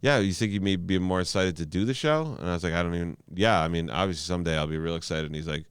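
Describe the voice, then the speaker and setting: Deep-voiced comedian telling stories. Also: male voice, fast, smooth, no room sound, clean studio sound. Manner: animated storyteller, stammering restarts, frequent swearing. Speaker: stand-up comedian guest. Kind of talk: casual podcast storytelling.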